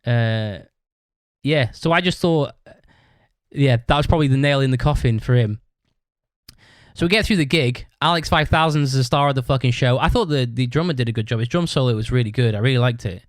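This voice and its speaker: Clean studio sound and a dry recording carry this man's brisk, medium-pitched voice. He's a podcast host telling a long story in a casual monologue, blunt and rambling, full of profanity and restarts.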